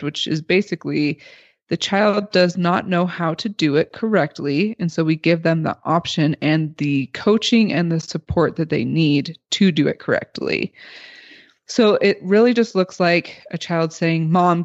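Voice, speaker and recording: A woman's voice: on the low side, moderate pace, a little mellow, dry recording, highs cut off. A woman explaining child behaviour strategies in a casual podcast discussion, in a patient coaching tone. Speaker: parenting expert guest.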